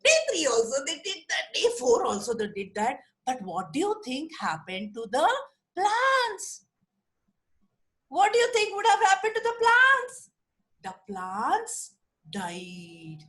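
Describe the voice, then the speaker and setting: A woman with an Indian English accent telling a story to children on a video call, animated and asking them questions. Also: high-pitched, takes it slowly.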